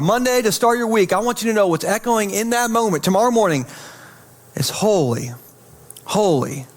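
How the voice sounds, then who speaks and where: A man preaching as pastor, casual and chatty, dropping low and slow each time he repeats "holy.". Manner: repeats "holy" softly and slowly, chatty asides. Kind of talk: sermon.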